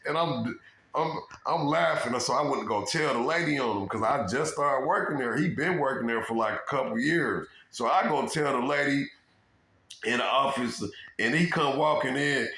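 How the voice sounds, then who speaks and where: A man telling his own story in a rambling, profane, animated monologue and repeating "you know what I'm saying". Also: mid-range voice, moderate pace, creaky. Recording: roomy echo.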